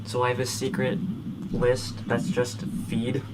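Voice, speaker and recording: Young man from California, podcast host, casual laughing storyteller, easygoing chat. His voice sits at an ordinary middle pitch over a clearly noisy background. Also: completely flat delivery, unhurried. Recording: noticeable background noise.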